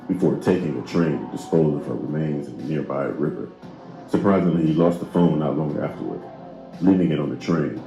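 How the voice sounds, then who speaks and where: A man narrating a true crime story in steady, grave scripted narration. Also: rumbling low. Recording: roomy narration with faint music.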